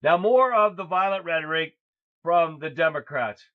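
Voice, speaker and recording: A man's voice: on the high side, animated, moderate pace. A man hosting a political livestream, talking in a blunt, crude, rambling way. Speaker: host. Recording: dull lo-fi sound.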